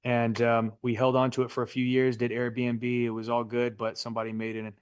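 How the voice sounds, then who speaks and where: A man's voice: medium pitch, completely flat delivery, a little fast, clear, resonant tone, no room sound. Joking male real estate instructor. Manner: chatty, jokey, asks the class questions. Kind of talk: live classroom lecture. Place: Florida classroom.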